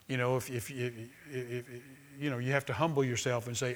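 A man's voice: mid-range voice, little pitch movement, brisk, hardly any pauses. A male pastor preaching a sermon. He moves between reading passages aloud from a book and talking informally to the congregation, asking them questions and having them repeat a line back. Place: church sanctuary with a live congregation.

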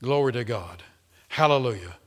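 A middle-aged man preaching a sermon, emphatic, repeating words and swinging from loud to quiet. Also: medium pitch, expressive, moderate pace. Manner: emphatic, repeats words, rises and falls sharply in loudness.

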